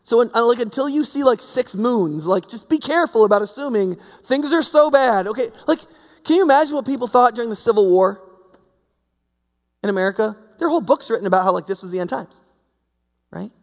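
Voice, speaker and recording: A man preaching in a loose, chatty way, dotting his points with quick rhetorical questions. His voice sits high with a gravelly, creaky texture. A long reverb from the hall hangs after his words. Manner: conversational, full of fillers and rhetorical questions. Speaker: pastor. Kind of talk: sermon.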